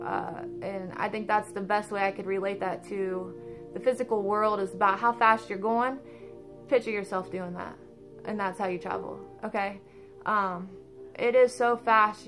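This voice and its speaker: Woman telling an animated personal story. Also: medium pitch. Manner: animated, informal, swears casually, many fillers. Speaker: storyteller of out-of-body experiences.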